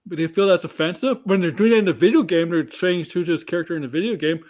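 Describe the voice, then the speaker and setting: A man's voice: fairly high pitch, fast talker, few pauses, a little mellow. A man co-hosting a casual chat show, rambling with restarts and frequent laughs. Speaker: podcast co-host.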